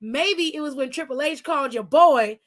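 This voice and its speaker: A woman whose voice sits high speaks briskly as co-host of a casual wrestling aftershow. She's sassy and profane, firing off teasing rhetorical questions.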